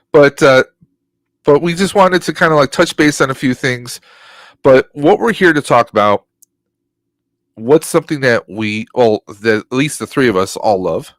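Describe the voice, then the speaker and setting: Man, podcast co-host, opinionated and rambling, casual chat, dry close sound, mid-pitched voice. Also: unhurried, pauses often, no echo.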